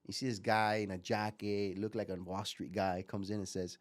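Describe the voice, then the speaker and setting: A man in his forties from Miami, a guest entrepreneur telling lively stories and often repeating words. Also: lowish voice, normal speed. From Miami, USA. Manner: animated storyteller, repeats words as he goes. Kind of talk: casual interview talk.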